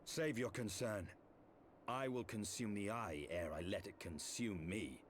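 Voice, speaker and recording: A man's voice: on the low side, unhurried, a little hiss or hum, natural voice. A man voicing a stern, cold dragoon warrior. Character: stern proud male dragoon warrior, curt. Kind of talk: voiced game cutscene. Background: game music.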